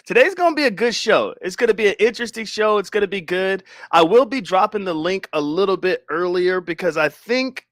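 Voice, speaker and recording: Young male stream host, casual and profane, high lively voice, dry close sound. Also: no echo. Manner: animated, swearing, laughing, talking to chat. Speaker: livestream host.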